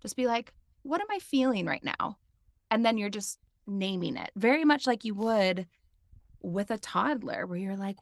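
A woman's voice: mid-range voice, animated, moderate pace, no room sound, clean studio sound. A woman in her thirties, a podcast guest and mindfulness teacher, talking in a chatty way with lots of filler words. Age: 30s. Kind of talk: casual interview chat.

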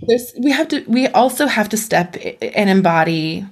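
Woman, parenting expert guest, casual earnest talk, laughs between points, mid-pitched voice. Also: expressive, moderate pace, breathy edge. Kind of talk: casual conversation.

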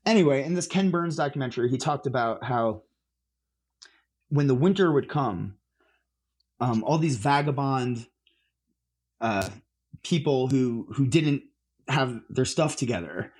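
A man's voice: medium pitch, expressive, a little slow, pauses often, darkish tone, husky. Rambling man telling a story. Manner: rambling, with many fillers and restarts. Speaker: musician guest. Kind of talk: casual interview chat.

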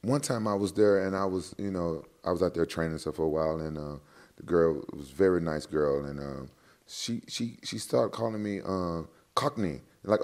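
A middle-aged man from Memphis, joking and telling animated stories as a guest in a casual chat. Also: deep voice, moderate pace. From Memphis, USA. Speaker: guest, fighter.

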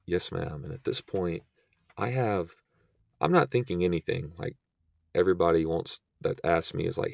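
A young man speaks low with a rough, creaky edge to his voice. He recounts events as a podcast guest in a relaxed, rambling way, with plenty of fillers. The sound is dry and close, with no room echo. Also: moderate pace. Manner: relaxed, filler-heavy retelling. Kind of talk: casual storytelling.

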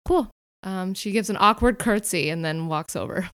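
A woman player in a tabletop game, speaking quickly and a bit nervously. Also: medium pitch, fairly bright tone, clear, resonant tone. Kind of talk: tabletop role-play.

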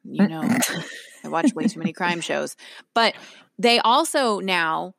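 A woman's voice: fairly low pitch, animated, measured pace, gravelly, a crowd in the background. A woman with a slight Southern accent, hosting a podcast in a talkative, storytelling way and laughing easily. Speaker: podcast host. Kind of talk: casual chat. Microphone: own microphone.

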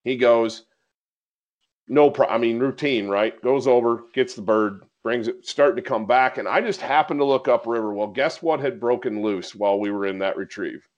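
A man hosting a podcast, telling a story in casual conversation and getting animated as he recounts it. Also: medium pitch, moderate pace, lo-fi sound. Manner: animated storyteller, gets excited recounting events. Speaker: podcast host.

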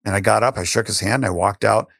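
An older man with a lowish voice tells a personal story as an interview guest. He speaks with animation and often restarts his sentences. The recording is dry and close, with no room sound. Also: fast talker, vocal fry, fairly bright tone, no echo.

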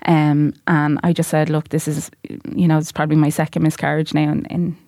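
A woman's voice: sits low, a little fast, no room sound, clean studio sound. An Irish woman, a podcast guest, telling a personal story in casual chat and acting out the voices of people in it. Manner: animated storyteller, acts out quoted voices.

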